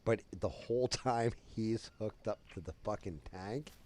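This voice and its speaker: A man telling a crude story on his live stream in a rambling, animated way. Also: lowish voice, a little slow.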